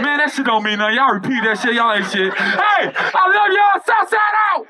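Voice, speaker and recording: High-voiced, profane stand-up comedian. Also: male voice, lively intonation, normal speed, hardly any pauses, noisy background. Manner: loud, profane, preachy storytelling. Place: outdoor rooftop event.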